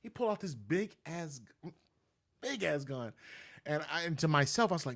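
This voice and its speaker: A man's voice: moderate pace, vocal fry, pauses often. A man, a notary business owner, telling stories casually in an interview and acting out the voices he quotes. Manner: animated, acts out quoted voices with big pitch jumps.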